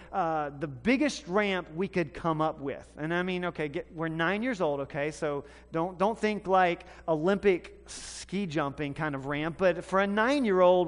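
A man from the American South preaching a sermon, telling a story with animated swings between loud and hushed delivery. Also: a little high. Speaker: pastor. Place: church sanctuary. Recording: long hall reverb.

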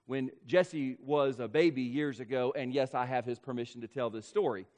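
A man preaching an expository sermon as pastor, speaking emphatically and slowing down to stress key points. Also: mid-range voice, a little mellow. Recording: long hall reverb.

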